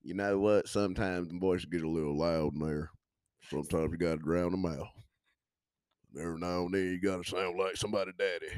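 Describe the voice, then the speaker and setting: Brief: young male comedian guest, low voice, playful and quick to joke, close dry sound. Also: steady tone, darkish tone, clear, resonant tone, no echo. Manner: playful, slips into joking voices. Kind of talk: casual podcast chat.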